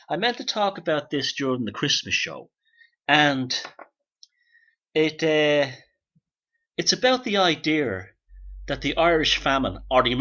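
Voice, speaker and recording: A man's voice: medium pitch, fairly bright tone, dull audio. Sardonic man hosting a rambling monologue. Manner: rambling, sardonic, swears casually. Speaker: host. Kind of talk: solo podcast monologue.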